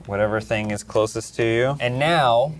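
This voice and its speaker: A man's voice: medium pitch, moderate pace, slight background noise. A man hosting a board game session, casually explaining the rules and laughing often with the players. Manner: upbeat, laughs often, talks through rules with restarts. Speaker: game host.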